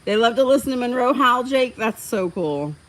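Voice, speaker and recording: A woman's voice: a little high, expressive, normal speed, poor audio. Chatty woman hosting a live stream. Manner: chatty, reads out viewer comments, gets heated about dogs. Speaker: livestream host. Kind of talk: casual live-stream chat with viewers.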